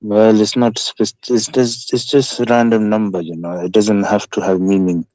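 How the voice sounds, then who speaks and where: A man's voice: lowish voice, flat delivery, moderate pace, dark tone, no room sound, low-quality recording. A man calling into a debate show, answering hesitantly and mildly. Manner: hesitant, mild replies. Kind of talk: live call-in debate.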